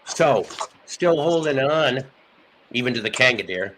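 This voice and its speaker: A man at an average pitch hosts a casual show about vinyl records, chatting and rambling as he presents each album. Noise hisses clearly under his voice. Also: expressive, unhurried. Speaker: host.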